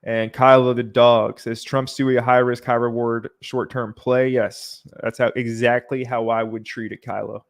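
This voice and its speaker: Flat-voiced man hosting a chatty livestream. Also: medium pitch, moderate pace, hardly any pauses. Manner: relaxed, chatty, reads out viewer comments. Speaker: livestream host. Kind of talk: casual livestream commentary.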